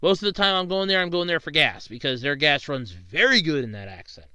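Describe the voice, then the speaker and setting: Young guy doing a rambling Q&A vlog, swears when ranting, bright clear voice. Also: a little high, sing-song, fairly quick, dry recording. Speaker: YouTuber answering viewer questions. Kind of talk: casual Q&A monologue.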